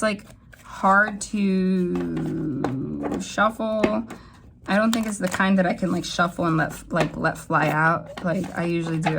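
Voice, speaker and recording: Rambling, excitable tarot reader woman. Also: gravelly, noisy background. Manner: emotional, rambling, excitable with sudden jumps in pitch. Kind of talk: casual tarot reading to camera.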